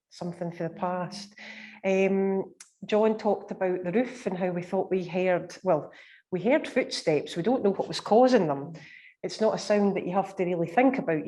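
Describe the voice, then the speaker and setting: A woman, a paranormal researcher, recounting ghost experiences in a chatty, measured way with many fillers. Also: on the low side, warm tone. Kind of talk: storytelling in conversation.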